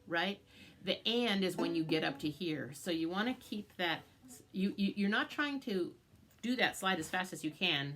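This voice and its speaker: A woman's voice: on the low side, lively intonation, moderate pace, loud music behind the voice. A woman teaching a banjo tune step by step, explaining strings and frets patiently and chanting the picking rhythms. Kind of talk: instructional music lesson. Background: loud banjo playing.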